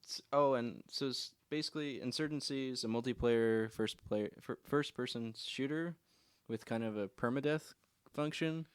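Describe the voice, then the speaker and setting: A man's voice: mid-range voice, normal speed, clean tone, no echo. A young man co-hosting a gaming podcast, explaining a news story with some hesitation. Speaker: co-host. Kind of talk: casual chat.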